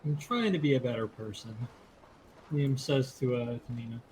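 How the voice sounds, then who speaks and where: A man's voice: medium pitch, expressive, normal speed, darkish tone, slight background noise, rough recording. A man playing a tabletop game, speaking in character in a hesitant, sheepish, stumbling way. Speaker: player. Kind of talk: in-character role-play.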